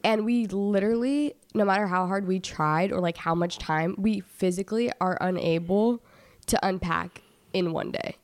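A young woman co-hosting a podcast in casual chat, teasing and quick to laugh. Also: mid-range voice. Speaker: podcast co-host.

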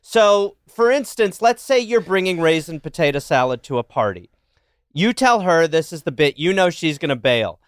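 Lively higher-voiced man laughing along. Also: normal speed, clear, resonant tone, dry recording, clean studio sound. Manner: lively, laughing, riffs on ideas. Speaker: podcast co-host. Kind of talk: casual chat.

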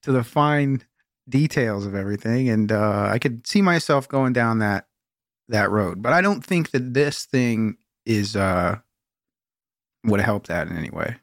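A man's voice: lowish voice, lively intonation, no echo, clean studio sound. Teasing, laughing podcast man. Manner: teasing, laughs often, halting. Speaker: podcast co-host. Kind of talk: casual chat.

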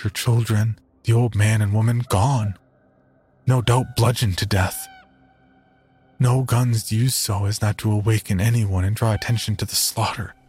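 Slow, low male horror narrator. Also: darkish tone, slight background noise. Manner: slow, grim first-person telling. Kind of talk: horror story reading.

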